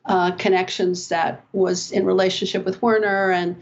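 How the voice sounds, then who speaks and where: A woman's voice: lowish voice, flat delivery, normal speed, highs cut off. An older woman, a podcast guest and personal development coach, telling stories in a chatty, rambling way. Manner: chatty, rambling anecdotes with fillers. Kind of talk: animated storytelling in conversation.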